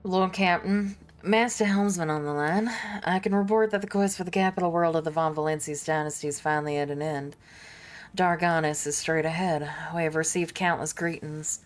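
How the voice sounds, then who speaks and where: A woman voicing a dutiful male ship's helmsman who reports in quickly. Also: low-pitched, steady tone, natural voice.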